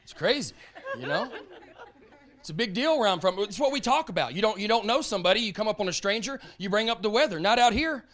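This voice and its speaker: A stand-up comedian from North Alabama with an Alabama Southern accent, drawling and self-deprecating, working a live audience on stage. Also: male voice, sits high, expressive, fast talker, a bit bright.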